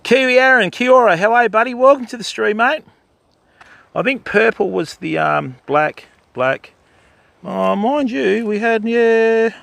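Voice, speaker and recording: Older Aussie man, gravelly and high-pitched, chatty fishing-stream host talking to viewers by name. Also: a little slow, fairly bright tone, no echo. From Australia. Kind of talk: casual livestream chat. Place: outdoors by a river.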